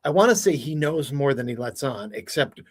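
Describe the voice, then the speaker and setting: A man's voice: medium pitch, fairly quick, slightly rough. A man guesting as an entertainment expert on a video call, talking casually with lots of laughter and swearing. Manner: animated, laughs a lot, swears freely. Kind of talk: casual chat.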